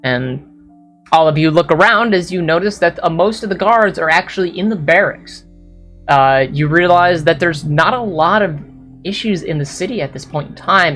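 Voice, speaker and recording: A woman with a notably low voice runs a tabletop game as game master. She describes scenes at length and breaks off now and then to apologize, while soft guitar music plays behind her. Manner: descriptive, apologetic asides, some slips.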